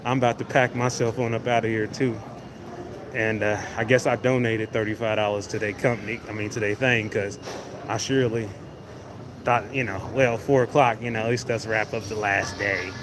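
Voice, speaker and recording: A man hosting a casual livestream, rambling in an easygoing way and talking to viewers as he walks through a large indoor venue on a phone mic. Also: mid-range voice. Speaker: livestream host. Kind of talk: casual walking livestream chat. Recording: noisy venue background.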